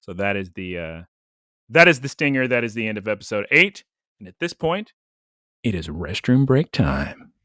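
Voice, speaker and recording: A man's voice: on the low side, big pitch swings, moderate pace, bright, forceful tone, no room sound, clean studio sound. A man co-hosting a podcast, recapping an anime episode in rambling, jokey casual chat full of "like". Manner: rambling, jokey, lots of "like" fillers. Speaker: podcast co-host.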